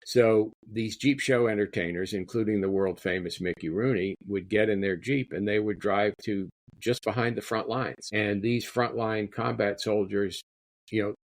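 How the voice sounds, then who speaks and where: A man's voice: on the low side, no echo. A man, an author being interviewed, talking in a rambling way and often repeating his words. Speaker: guest author. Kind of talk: interview conversation.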